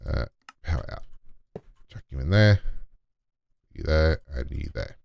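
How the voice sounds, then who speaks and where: A man's voice: rumbling low, expressive, measured pace, vocal fry, a little mellow, dry recording. A man giving casual gameplay commentary, muttering to himself and talking to in-game items as he builds. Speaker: let's play gamer.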